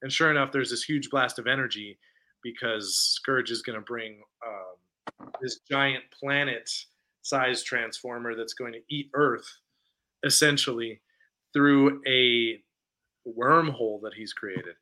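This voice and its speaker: Speaking slowly at a medium pitch, this male film-review co-host animatedly describes a movie he watched in casual podcast chat. He performs lines from its scenes and leans on lots of conversational fillers.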